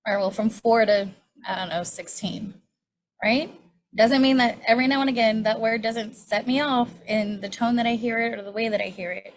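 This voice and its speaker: A woman's voice: a little high, steady tone, normal speed. A woman in her forties teaching a healing class on triggers, candid and conversational, often checking in with a rhetorical "right?". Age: 40s. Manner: candid, conversational, self-disclosing. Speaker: class facilitator.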